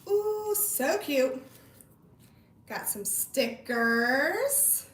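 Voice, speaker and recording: On a casual livestream, a woman in her thirties chats with her viewers, bubbly and effusive. The high-pitched, slightly bright voice comes through a distant mic in an echoey home room, with some faint hiss or hum.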